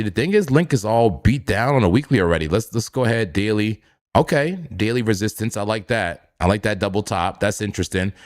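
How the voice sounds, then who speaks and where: A man casually commenting on live trading charts, laid-back, chuckling often and repeating his phrases. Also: fairly low pitch. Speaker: crypto trading streamer.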